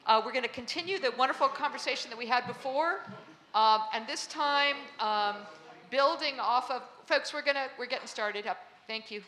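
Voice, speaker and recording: A woman's voice: on the high side, normal speed, pushed and bright, a little hiss or hum. A woman moderating a conference panel in a hall before a live audience, introducing guests in a chatty way with many fillers.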